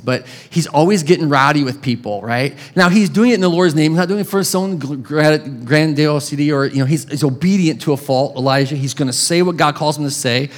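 A man preaching a sermon as pastor, casual and conversational, with chuckles and restarts. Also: medium pitch.

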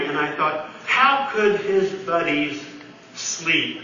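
A man's voice: on the high side, animated, slow pace, pushed and bright, a little hiss or hum. A man preaching a sermon as pastor, earnest and conversational, putting questions to his congregation, recorded from far off in a large church hall. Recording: distant roomy church sound, dull.

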